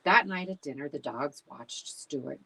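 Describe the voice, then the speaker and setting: Role: library storytime reader. Style: reading a children's book aloud. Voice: low-pitched, husky, animated. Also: female voice, a little slow, poor audio.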